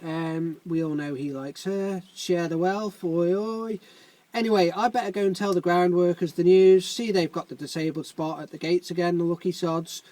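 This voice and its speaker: A man's voice: high-pitched, steady tone, moderate pace, mellow, dry recording, lightly acted, low-quality recording. A man voicing a brash, jovial male building site foreman, full of crude laddish banter.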